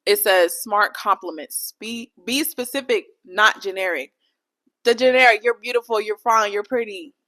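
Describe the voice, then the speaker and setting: A woman's voice: medium pitch, moderate pace, pushed and bright. Candid, profane young woman podcasting solo. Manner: candid, profane, playful rambling. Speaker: podcast host. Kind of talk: casual solo podcast chat.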